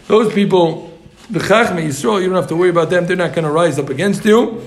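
A man's voice: sits high, roomy sound. A man teaching a Gemara class to students, explaining the text and joking with them along the way. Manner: joking, quick asides to students. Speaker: Talmud teacher.

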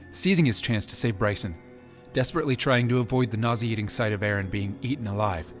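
A man giving a dramatic scripted narration of an audiobook. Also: lowish voice. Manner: dramatic storytelling.

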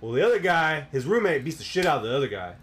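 A man's voice: a little high, big pitch swings, racing, fairly bright tone, slight background noise. A young man hosting a podcast, telling rambling stories in casual, profane chat. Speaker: podcast host.

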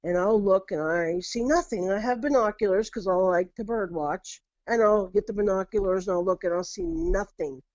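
A woman's voice: medium pitch, normal speed, hardly any pauses, a little mellow, dry recording. A middle-aged woman telling her own eerie encounters in a casual interview, earnest, often repeating her words. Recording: dull lo-fi audio.

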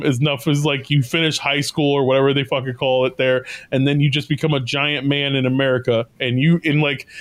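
A man co-hosting a casual podcast chat, rambling, swearing and laughing often. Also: a little high. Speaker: podcast co-host.

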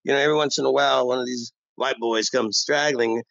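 An actor playing an older, bossy, old-school barbershop owner who rambles and boasts in street talk, delivered as a comic monologue. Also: male voice, mid-range voice, steady tone, fast talker, vocal fry, a bit bright, dry recording. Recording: dull dry lo-fi recording.

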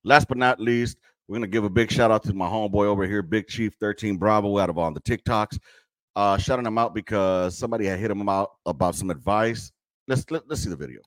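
Male podcast host, veteran, low voice, profane and blunt, dry close sound. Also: brisk, dry recording. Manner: blunt, profane, joking military slang. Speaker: military veteran. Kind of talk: casual commentary on clips.

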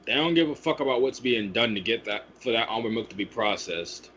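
A man's voice: medium pitch, fairly quick, slight background noise. A young man who works at a coffee shop, ranting about customers in casual chat and swearing freely. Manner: animated ranting, swears a lot.

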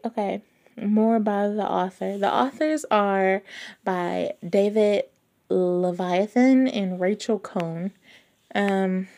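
A woman chats unhurriedly about books she loves. Her voice sits at a mid pitch and keeps spilling into excited, gushing exclamations, with hushed asides in between. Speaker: book vlogger. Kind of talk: casual chat.

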